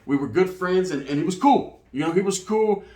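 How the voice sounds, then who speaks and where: A man's voice: sits high, animated, fairly quick, darkish tone. A man from California, telling stories in a casual, slang-heavy way and acting out other people's lines. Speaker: guest storyteller. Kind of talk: casual storytelling. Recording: roomy echo.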